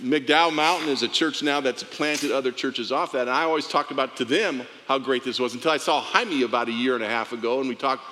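Male pastor, animated testimony storyteller, bright and forceful tone, long church-hall reverb. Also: medium pitch, brisk, few pauses. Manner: animated storyteller, laughing often, acting out dialogue.

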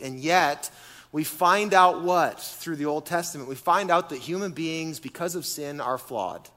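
A man preaching a sermon to a congregation, animated and full of rhetorical questions. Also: high-pitched. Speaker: pastor. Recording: long hall reverb.

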